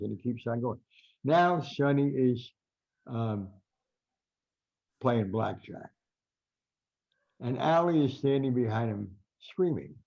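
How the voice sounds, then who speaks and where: Gravelly older New Jersey man telling stories. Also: medium pitch, dark tone. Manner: rambling anecdotal storyteller, acts out quotes. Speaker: guest boxing writer. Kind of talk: storytelling interview. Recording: dull lo-fi podcast audio.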